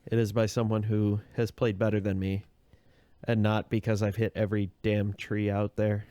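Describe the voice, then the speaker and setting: A man co-hosting a podcast, telling an anecdote in relaxed casual chat with light laughs. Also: on the low side, moderate pace, no echo. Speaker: podcast co-host.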